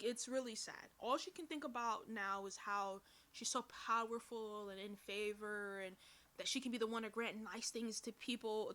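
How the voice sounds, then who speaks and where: Bright, chatty woman reviewing a drama. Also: mid-range voice. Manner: chatty, rambling, frequent fillers and self-corrections. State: burping from heartburn. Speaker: podcast host reviewing a TV drama. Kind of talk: casual commentary.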